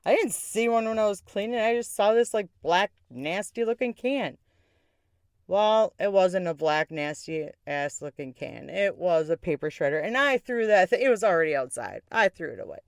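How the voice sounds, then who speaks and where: A woman hosting a podcast, telling a personal story in a candid way, swearing freely and jumping up in pitch for emphasis. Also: animated, moderate pace, dry recording, clean studio sound. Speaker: podcast host. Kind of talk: casual storytelling.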